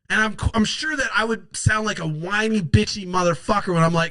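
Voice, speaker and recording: A man's voice: high-pitched, brisk, few pauses, sharp tone, dry recording, rough recording. A man giving impassioned political commentary, blunt and emphatic, swearing freely.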